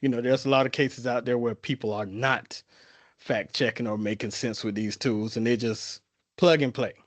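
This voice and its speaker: A man's voice: mid-range voice, no echo. A man from the Carolinas with a Southern twang, giving a folksy, conversational presentation as a guest speaker. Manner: folksy, repetitive, informal grammar.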